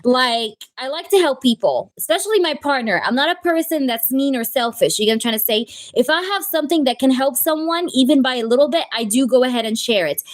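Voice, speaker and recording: A woman's voice: sits high, expressive, quick pace, few pauses. A woman giving a live-stream tarot reading, chatting with viewers and speaking in the first person for the person in the cards. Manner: chatty, talks to chat, speaks as the twin flame in first person. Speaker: tarot reader.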